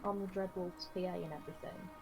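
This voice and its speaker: A woman, telling a rambling, deadpan comic story on a live game stream, full of fillers. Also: fairly low pitch, fast, creaky, soft background music, rough recording.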